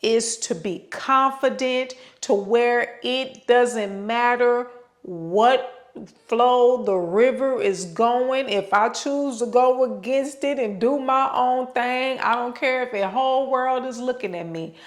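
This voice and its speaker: A woman's voice: a little high, takes it slowly. Emphatic woman preaching self-love. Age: adult with children. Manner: emphatic, repeats words for stress, drags her words; preachy, direct address to listener. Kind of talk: unscripted motivational talk.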